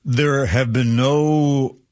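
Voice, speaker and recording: A male news show host asking brisk, pointed questions and bantering with co-hosts. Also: mid-range voice, fairly even intonation, a little mellow, dry recording, studio quality. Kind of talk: morning show interview and banter.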